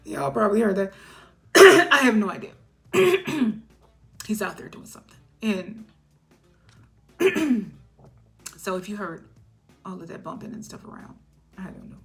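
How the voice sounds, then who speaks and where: Bright-voiced woman reading tarot. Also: medium pitch, big pitch swings, takes it slowly, pauses often, soft background music. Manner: chatty, clears her throat and laughs often. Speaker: tarot reader. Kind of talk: casual collective tarot reading.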